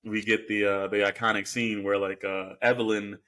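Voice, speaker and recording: A man's voice: fairly low pitch, little pitch movement, normal speed, sharp tone. A man co-hosting a podcast, recapping a film in a rambling, casual way with lots of fillers. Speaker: podcast co-host. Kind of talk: casual film review chat.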